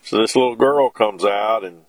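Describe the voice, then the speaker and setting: A middle-aged man, preaching a sermon in a slow, folksy way with homespun asides between scripture readings. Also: on the low side, dry recording.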